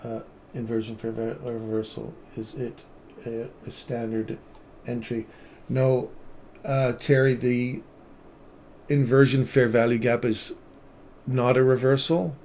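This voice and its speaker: Male streamer host, mid-pitched, sincere and emotional storyteller, low faint noise in the room. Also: level tone, takes it slowly, a little mellow. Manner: earnest, emotional storytelling, drops to near-whisper at tender moments. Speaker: livestream trading host, former paramedic. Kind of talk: casual livestream chat.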